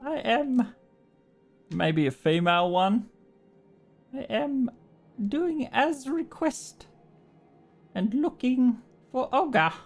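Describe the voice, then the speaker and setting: A man's voice: very high voice, lively intonation, extremely slow, long pauses, faint music behind, pitched above the performer's own voice, full character voice. A man voicing a dim-witted female ogre in a tabletop game, speaking in broken, simple grammar. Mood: eager.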